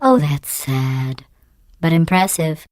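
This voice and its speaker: A woman voicing a cold, sarcastic female AI computer in a video game, deadpan with a synthetic edge. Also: low voice, slow, dry recording, full character voice. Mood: cold mocking. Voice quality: smooth, synthetic-edged, deadpan. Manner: dry mocking insults delivered calmly. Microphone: clean dry studio recording.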